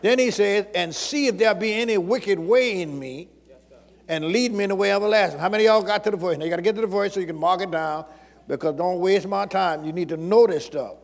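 A man's voice: high-pitched, a little fast, gravelly, big-room sound. A man preaching a sermon as pastor, repeating phrases and calling out questions to the congregation.

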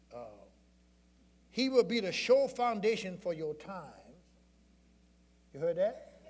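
A man preaching a sermon, telling folksy stories that swing from murmured asides to shouted exhortation. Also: a little high, big-room sound. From rural Southern United States. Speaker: pastor.

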